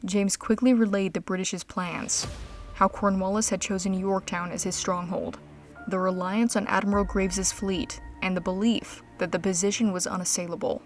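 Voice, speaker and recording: A woman's voice: mid-range voice, little pitch movement. Woman narrating a story over music. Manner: measured, dramatic storytelling.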